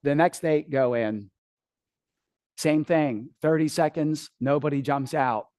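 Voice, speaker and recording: A middle-aged man speaks from a seminar stage in a fairly high voice. He tells a story with casual swearing and acts out his own panic. The sound is dry and close. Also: slow, darkish tone, dry recording. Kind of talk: live seminar talk.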